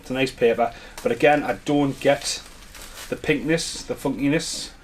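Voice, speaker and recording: A man's voice: mid-range voice, fairly even intonation, normal speed. Brief: male home-video collector, mid-range voice, rambling and eager unboxing chat, faint background hiss. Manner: chatty, rambling, enthusiastic. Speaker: home media collector vlogger.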